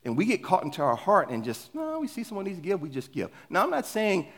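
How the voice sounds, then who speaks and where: A man delivers a sermon in a talky, conversational way and keeps asking his listeners questions. His voice sits a little high and swings up and down with lively energy as he makes his points. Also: quick pace. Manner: animated, conversational preaching with rhetorical questions. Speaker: preacher. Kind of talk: sermon with scripture reading.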